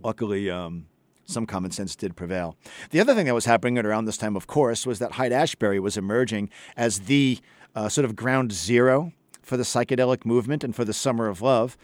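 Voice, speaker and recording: A man's voice: mid-range voice, brisk, no echo. A man hosting a talk show, telling a story in a loose, chatty way with ums and uhs. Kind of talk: casual storytelling with read-out quotes.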